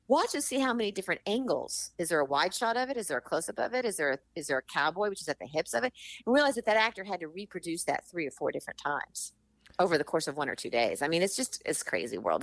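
A middle-aged woman, an actress and author, telling animated stories in an interview and acting out the people she quotes. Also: medium pitch, dry recording. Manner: animated storyteller, acts out quotes. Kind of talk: interview conversation.

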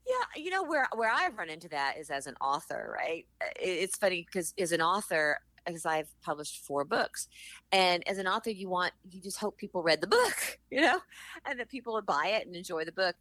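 A middle-aged woman, an actress and author, telling animated stories in an interview and acting out the people she quotes. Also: fairly low pitch, normal speed, no room sound. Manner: animated storyteller, acts out quotes. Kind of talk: interview conversation.

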